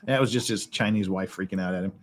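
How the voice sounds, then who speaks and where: A man's voice: sits low, fast talker. Man telling rambling stories casually. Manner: rambling storyteller, swears freely, laughs often. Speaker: livestream host. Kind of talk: casual chat. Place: his house in Korea.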